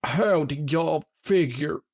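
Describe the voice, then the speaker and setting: A man's voice: on the high side, slow pace, a little mellow, pitched above the performer's own voice. Figure: a man doing a folksy country pony girl. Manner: folksy drawl, y'all and reckon.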